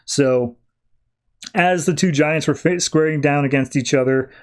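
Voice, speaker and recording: A man, hosting a podcast, casually recapping a comic with quick, animated character voices. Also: on the high side. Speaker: podcast host.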